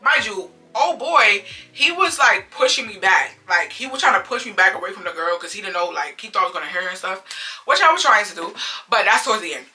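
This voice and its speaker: A woman telling a story in a casual storytime vlog, animated and blunt, swearing freely and acting out what people said. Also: mid-range voice, fairly quick, distant mic, soft background music.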